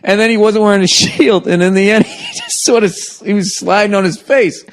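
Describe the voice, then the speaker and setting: A man's voice: sits high, wildly swooping pitch, brisk. Profane man telling a laughing story. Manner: profane, laughs through his own story. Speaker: podcast host. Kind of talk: casual storytelling chat.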